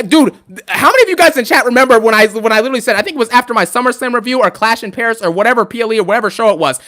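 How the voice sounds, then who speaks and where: High-voiced man ranting bluntly. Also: pushed and bright. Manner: blunt, exasperated, repeats points for emphasis. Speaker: live streamer reviewing wrestling. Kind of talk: live rant.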